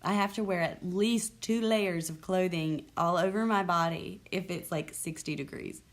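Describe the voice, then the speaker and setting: This woman's voice is lowish and moves at normal speed. She's a young adult vlog host based in the US South, chatting casually to the camera. Her talk is candid and sarcastic, and she restarts often.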